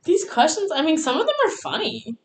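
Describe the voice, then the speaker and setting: Giggly, lively young woman in an echoey room. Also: high voice, fairly quick, a little hiss or hum. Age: young adult. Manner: giggly, chatty, peppered with 'like' and swearing. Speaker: podcast co-host. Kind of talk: casual chat.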